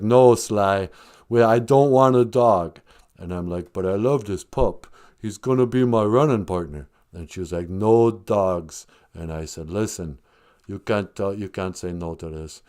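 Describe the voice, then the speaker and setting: A man impersonating a laid-back, mumbling tough-guy boxer movie star, with a low, slurred drawl. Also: close to an everyday voice. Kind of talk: comedic impression.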